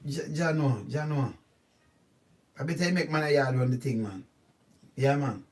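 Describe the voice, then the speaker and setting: A man with a Jamaican accent giving casual, animated commentary on a news story, often stopping to ask "see?". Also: medium pitch, unhurried. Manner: animated, repetitive, keeps asking "see?". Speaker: channel host. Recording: voice distant from the mic.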